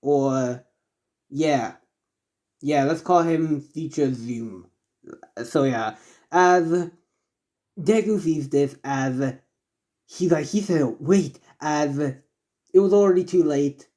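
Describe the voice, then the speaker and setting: A man narrating a homemade fan story off the cuff, rambling along with constant fillers and stops to correct himself. His voice is mellow and dark. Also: fairly high pitch, slow, long pauses. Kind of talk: improvised fan-fiction narration.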